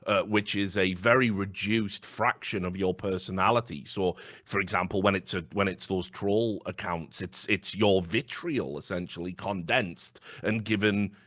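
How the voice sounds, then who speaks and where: A man's voice: deep voice, a little slow, few pauses, dry recording. Blunt sweary man, dry sound. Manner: blunt, sweary, animated storytelling. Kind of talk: casual chat.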